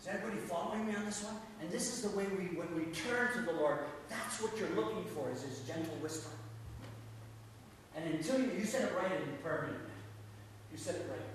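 Emphatic high-voiced preacher in an echoey hall. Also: male voice, fairly quick, a little hiss or hum. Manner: emphatic, repetitive, swells then drops to quiet. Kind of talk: sermon. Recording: echoey church hall from far off.

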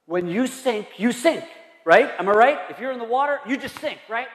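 A man's voice: very high-pitched, lively intonation, moderate pace. A male pastor preaching a sermon, emphatic and repetitive, asking the room rhetorical questions. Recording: roomy hall reverb.

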